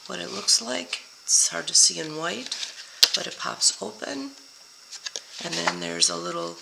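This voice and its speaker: Gravelly and lowish, the voice belongs to an older woman whose week of sickness has left her scratchy. She keeps up a chatty crafting tutorial on card-making, now and then blanking on what a product is called.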